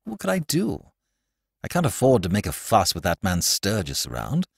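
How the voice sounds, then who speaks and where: A man's voice: on the low side, huge pitch swings, moderate pace, creaky, husky, dry recording, heavily acted. A worried young man in a fix, glum and agitated, voice rising when pressed, as a male narrator plays him. Recorded close and dry.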